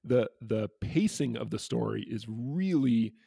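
Gravelly, husky man retelling a story. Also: medium pitch, lively intonation, dark tone, dry recording. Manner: retells the story with quick quoted voices. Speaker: co-host. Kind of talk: casual book discussion.

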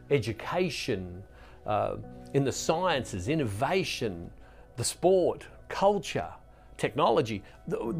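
A middle-aged man giving an earnest sermon as a preacher, often restarting and repeating himself. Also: mid-range voice. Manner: earnest, with frequent restarts and repetitions. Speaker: Catholic preacher and ministry founder. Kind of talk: reflective sermon talk.

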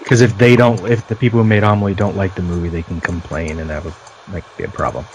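A man's voice: deep voice, fairly even intonation, fast, slight background noise, low-quality recording. A man from the United States co-hosting a casual film discussion, analytical and pointing out visual details. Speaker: podcast co-host.

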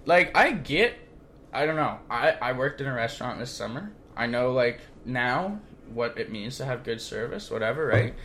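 A young man co-hosting a podcast, chatting casually in an excitable, slangy, rambling way. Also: mid-range voice, moderate pace, a little hiss or hum. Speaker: podcast co-host. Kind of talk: casual chat.

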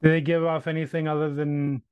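A man's voice: on the high side, little pitch movement, normal speed, smooth, no echo, phone-quality sound. A man playing a tabletop game who asks careful questions. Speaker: player.

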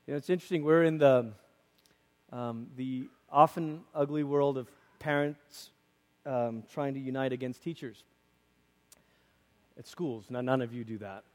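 A man preaching a conversational sermon as a pastor, lively and acting out quoted voices, in a church. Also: medium pitch, unhurried, long reverb tail. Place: church sanctuary.

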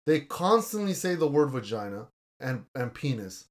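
A man's voice: medium pitch, very animated, moderate pace. A young man hosting a casual podcast, reviewing a movie in a blunt, argumentative way and swearing casually. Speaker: podcast host.

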